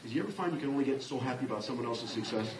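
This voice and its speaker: A man in his sixties giving a motivational business talk to a large room, impassioned and building to loud emphatic peaks. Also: mid-range voice, lively intonation, rapid-fire, a loud crowd. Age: 60s. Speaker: motivational speaker. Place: large conference room with an audience. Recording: roomy, distant live-hall recording.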